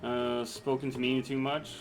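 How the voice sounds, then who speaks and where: A male game streamer in easygoing chat, talking at an unhurried pace as he jokes with his viewers. Some soft guitar music plays quietly behind him. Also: medium pitch, little pitch movement. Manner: playful, jokey, reads chat aloud. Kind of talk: casual gaming stream chat.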